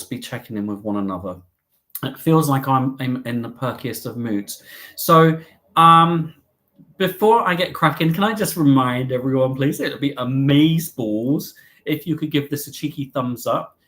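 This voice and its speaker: A man's voice: mid-range voice, a bit bright. A man hosting a travel live stream, chatty and upbeat, with cheeky jokes and asides.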